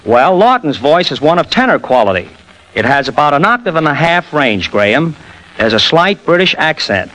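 A man's voice: a little high, big pitch swings, moderate pace, a bit bright, poor audio. A man guesting as a radio impressionist on a 1940s radio interview, joking and explaining how he works. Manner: jokey, explanatory.

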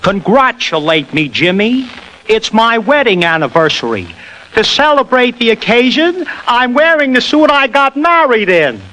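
A man impersonating an excitable comic man in a 1940s radio impression, pushing his voice up to a high tenor and boasting. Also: moderate pace, a little hiss or hum, full character voice, poor audio. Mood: boastful. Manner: boastful, rising to a high squeal.

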